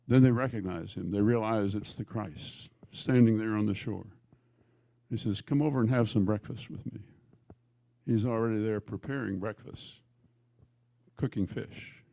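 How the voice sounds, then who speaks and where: A male pastor preaching a sermon in church, telling the stories emphatically with jokey asides and quick self-corrections. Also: on the low side, vocal fry, dark tone, dry recording.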